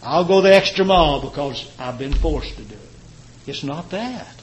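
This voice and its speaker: A man preaching a sermon, rising to loud, high emphasis and dropping to quiet, slow phrases. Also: animated, a little hiss or hum, rough recording. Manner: impassioned, swelling and dropping in pitch and volume; slows and stretches key words for emphasis.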